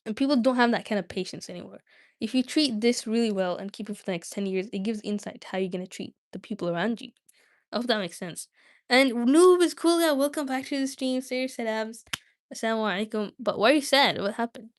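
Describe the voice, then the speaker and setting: A woman's voice: medium pitch, quick pace. A young woman chats with her stream viewers in a loose, rambling way. She often stops mid-sentence and starts over, sounding like a talkative host. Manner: rambling, self-interrupting, chatty. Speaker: livestream host. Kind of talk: casual chat with viewers.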